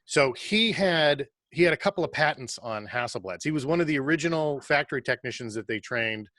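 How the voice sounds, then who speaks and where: Fast, bright-voiced man telling stories. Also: mid-range voice, no echo. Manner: animated, fast-paced storyteller who uses lots of "like". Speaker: guest. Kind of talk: casual storytelling. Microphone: video call.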